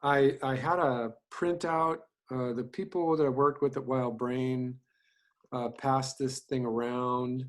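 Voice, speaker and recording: Halting middle-aged man on a video call. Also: medium pitch, steady tone. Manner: rambling, halting, many fillers. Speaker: animation teacher. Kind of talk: casual chat on a video call.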